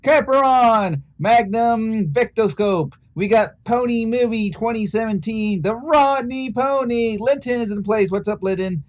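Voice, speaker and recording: High-voiced man rattling off chat shout-outs. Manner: quick, casual, reeling off names. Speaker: relay streamer and co-host.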